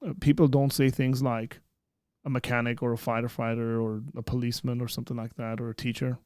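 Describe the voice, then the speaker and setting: A man's voice: mid-range voice, little pitch movement, brisk, darkish tone, clear, resonant tone, dry recording, studio quality. A man hosting a casual livestream chat, rambling with many fillers and restarts. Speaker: host.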